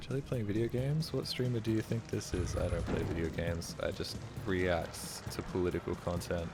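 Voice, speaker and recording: A man's voice: low-pitched, steady tone, moderate pace, hardly any pauses, loud music behind the voice. A man streaming while he plays a game, rambling casually and jokily, swearing often and getting defensive. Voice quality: profane, jokey, defensive.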